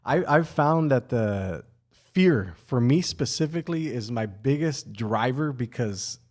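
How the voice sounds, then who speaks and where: A man's voice: medium pitch, expressive, a little slow, darkish tone. A man in his forties hosting a podcast in his studio, talking reflectively and casually, often restarting words and swearing now and then. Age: 40s. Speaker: podcast host.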